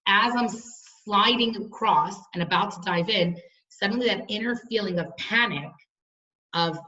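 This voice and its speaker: A woman's voice: mid-range voice, moderate pace, a bit bright, far from the mic, dull audio. A woman in her thirties teaching a study class, chatty and storytelling with frequent restarts.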